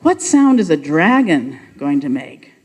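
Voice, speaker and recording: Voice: mid-range voice, sing-song, measured pace, big-room sound. Upbeat church pageant narrator. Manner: upbeat, coaxing the congregation. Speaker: pageant leader. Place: church sanctuary.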